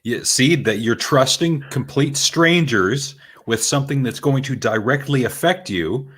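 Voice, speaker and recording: A man co-hosting a podcast in casual chat, speaking in a measured, agreeable way. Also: mid-range voice, fairly bright tone, breathy edge. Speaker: podcast co-host.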